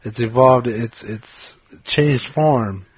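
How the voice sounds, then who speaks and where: A middle-aged man with a husky voice rambles through a casual podcast chat and keeps poking fun at himself for being old. The audio is dull and lo-fi. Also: medium pitch, slow, no echo. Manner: rambling, self-mocking about being old. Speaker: podcast co-host.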